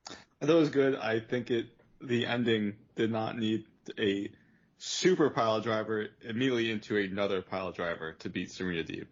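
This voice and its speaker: A man co-hosting a wrestling podcast, easygoing and measured. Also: on the low side, muffled recording. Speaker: podcast co-host. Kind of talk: casual wrestling review chat.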